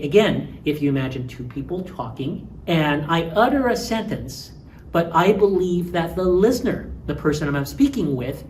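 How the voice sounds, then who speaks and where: Low-voiced woman giving a linguistics lecture. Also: darkish tone, a little hiss or hum. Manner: explanatory, acts out short example phrases.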